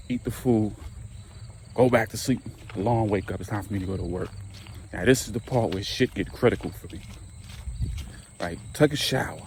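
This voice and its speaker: A man's voice: fairly low pitch, a little mellow, a little hiss or hum. A young man tells a casual, profane storytime monologue and acts out his own reactions. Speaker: storyteller vlogger.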